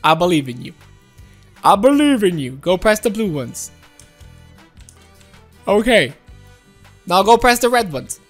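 A woman's voice: mid-range voice, very animated, unhurried, pauses often, soft background music. A woman giving casual gameplay commentary, playful and coaxing her teammates, often laughing. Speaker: gaming commentator.

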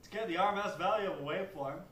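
A man's voice: sits high, racing, a bit bright, a little hiss or hum. Young man, scripted lesson lines, roomy sound, mic set far off. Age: young adult. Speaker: student presenter. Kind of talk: scripted narration.

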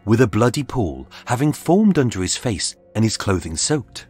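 A male podcast narrator tells true crime in a husky, low voice with dramatic, lively pitch. His scripted delivery is measured, with faint music in the background.

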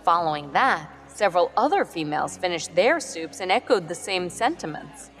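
A woman reading a storybook narration in a calm, measured way. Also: fairly low pitch. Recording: long reverb with background music.

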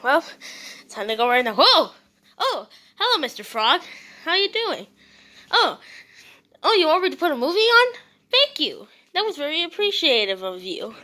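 A woman acting out a playful comedy skit, talking theatrically and swinging between chatty and panicked shouting. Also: high-pitched, very animated, moderate pace, pauses often.

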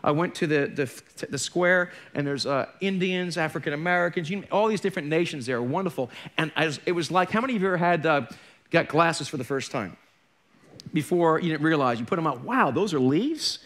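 A man's voice: on the high side, a little fast, a bit bright. A middle-aged man preaching a sermon as a pastor, candid and conversational, with joking asides. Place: church.

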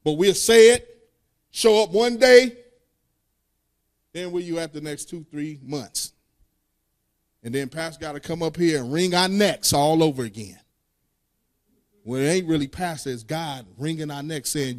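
A man's voice: on the high side, a little slow, pauses often. A man preaching a sermon, reading scripture aloud and breaking into sung, call-and-response lines in casual speech.

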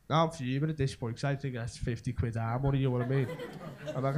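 A young Scouse-accented comedian from Merseyside, England, talks quickly in a medium-pitched, slightly dark voice. His rambling, slang-laden set is recorded live in a comedy club to the sound of audience laughter.

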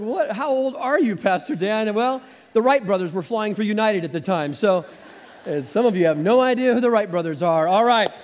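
A middle-aged man from Arizona, a pastor preaching a sermon in a church and telling stories with playful asides to the congregation. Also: very high-pitched. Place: large church auditorium. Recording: long hall reverb.

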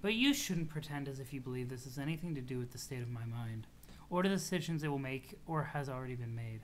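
A streamer voicing a detached, gloomy young troll girl from a webcomic, reading her lines in a flat, solemn way. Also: medium pitch, fast, a little hiss or hum, voice pushed down, natural voice.

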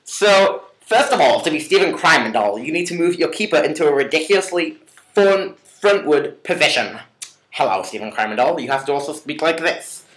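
A cocky, carefree young roommate brags and mocks in a boastful patter, as a young man puts him on. The voice sits a bit high for a man, and the home room around him rings with echo. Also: sing-song, moderate pace, a bit bright. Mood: mocking. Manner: mocking, boastful, repeats a catchphrase. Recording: echoey room.

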